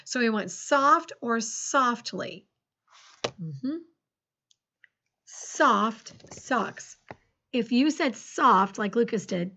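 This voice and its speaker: A woman teaching a recorded phonics lesson to second graders, encouraging and slowly dictating sentences with big swings in her voice. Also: a little high, fairly bright tone, dull audio.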